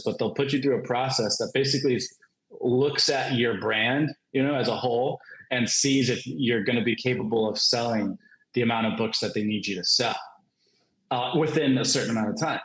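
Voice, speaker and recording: A man telling a story on a panel in a casual, animated way, laughing often and filling his talk with "like". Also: mid-range voice, a little fast. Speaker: comic creator, panel guest. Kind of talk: casual anecdote on a virtual panel. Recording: roomy echo.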